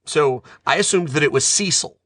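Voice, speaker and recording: Bright-voiced man telling animated stories. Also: mid-range voice, normal speed, no room sound, clean studio sound. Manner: animated storyteller, self-described nerd. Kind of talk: casual chat.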